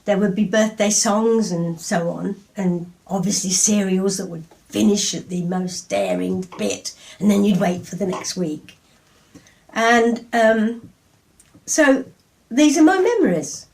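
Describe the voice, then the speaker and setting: An English woman in her seventies tells stories about her poems in a chatty, anecdotal way. Her reading voice is lively, and she tells each tale like an old memory. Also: medium pitch, a little slow, vocal fry. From England. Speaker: poet. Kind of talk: storytelling and poetry reading.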